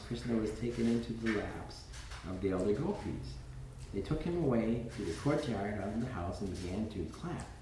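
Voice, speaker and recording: A man reading a sacred text aloud in a steady, measured way. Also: mid-range voice, slight background noise. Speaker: scripture reader. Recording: distant, echoey room with faint ambience.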